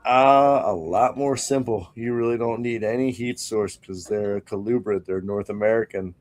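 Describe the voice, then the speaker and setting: Easygoing low-voiced male guest. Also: normal speed, a little mellow. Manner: short, easygoing answers. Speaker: reptile breeder guest. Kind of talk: casual podcast interview.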